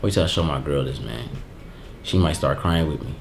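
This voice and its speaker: A man hosting a casual unboxing vlog, giving heartfelt, emotional thanks in relaxed, slangy talk. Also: a bass voice, normal speed, vocal fry, slight background noise. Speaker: channel host.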